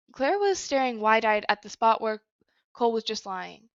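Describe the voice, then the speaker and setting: A woman reading a story aloud in a plain, even manner with small slips. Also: on the high side, moderate pace, no echo, muffled recording. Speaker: story reader. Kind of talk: reading fan fiction aloud.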